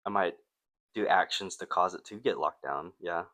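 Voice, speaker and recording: Young male co-host: deep, bright tone, dry casual banter. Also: moderate pace. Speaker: podcast co-host. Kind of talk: casual chat.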